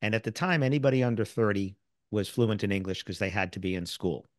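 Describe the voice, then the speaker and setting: A man's voice: on the low side, fast, no room sound, studio quality. Chatty American man telling stories. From United States. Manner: animated storyteller who acts out quoted people. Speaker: guest, sales author and speaker. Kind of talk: casual interview storytelling.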